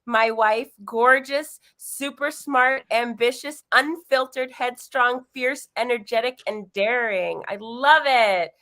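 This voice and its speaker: A woman with a notably high voice co-presents at a conference. She speaks in an affectionate, conversational way and readily offers sympathetic reactions. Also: slow pace, hardly any pauses, bright, forceful tone.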